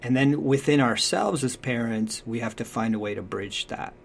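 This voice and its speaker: A man talking earnestly about parenting in a relaxed conversation, acting out what parents and children say. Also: medium pitch, normal speed, gravelly, a little hiss or hum. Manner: acts out quoted voices, thoughtful and earnest. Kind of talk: conversational advice talk.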